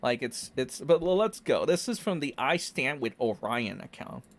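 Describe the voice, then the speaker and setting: A man's voice: medium pitch, sing-song, moderate pace. A young man ranting sarcastically as a casual online commentator, swearing freely. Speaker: YouTube commentator.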